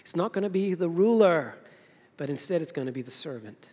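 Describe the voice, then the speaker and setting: A man with a slightly high voice preaches a sermon in a church, retelling the story with casual energy and acting out each character's lines. His voice rings with the long reverb of a big hall. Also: lively intonation, brisk, darkish tone, slightly rough. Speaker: pastor.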